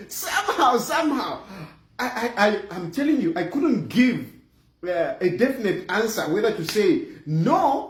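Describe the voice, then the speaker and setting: A middle-aged Zambian man with a Zambian accent tells a comic personal story. He talks in a high, animated voice, chuckling and leaning on "you know" fillers. The recording sits in a roomy, echoey space. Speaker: vlogger. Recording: roomy echo.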